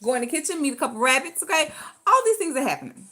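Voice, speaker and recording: A woman's voice: sits high, racing. A woman, telling a story casually and dramatically. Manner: animated, dramatic, acts out voices in her story. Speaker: storyteller vlogger.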